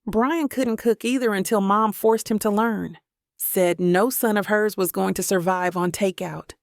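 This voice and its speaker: A woman's voice: mid-range voice, fairly even intonation, unhurried, creaky, no echo. A woman narrating a first-person romance audiobook in a tender, reflective manner, recorded on a close mic.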